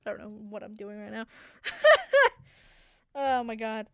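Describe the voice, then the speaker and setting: A woman's voice: a little high, fairly even intonation, measured pace, pauses often, a little mellow, clear, resonant tone, dry recording, clean studio sound. A young woman hosting a solo talk show into a desk microphone, chatting casually and animatedly, rambling and laughing often. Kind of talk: casual chat.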